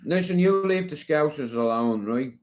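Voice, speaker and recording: A man's voice: fairly high pitch, animated, moderate pace, darkish tone. A middle-aged man ranting casually on a livestream, swearing often and asking "you know what I mean?".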